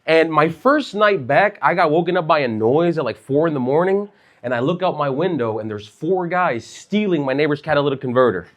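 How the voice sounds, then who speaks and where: On a comedy club stage, a thirtysomething guy from Chicago riffs through a casual stand-up routine, constantly saying "like" and "bro." He sounds slightly high-pitched, lively and quick, though the audio is dull.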